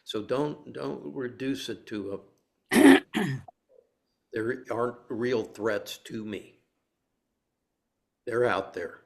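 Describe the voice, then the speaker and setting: An older man giving a dharma talk to a meditation group, mixing teaching with stories. He is playful and laughs easily as he tells them, in a voice of ordinary pitch. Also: animated, drawn-out words, vocal fry, long pauses.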